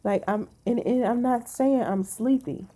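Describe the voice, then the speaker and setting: A woman's voice: fairly high pitch, measured pace, warm tone. A woman vlogger venting to her viewers in casual talk, blunt and emphatic, swearing freely, sounding tired.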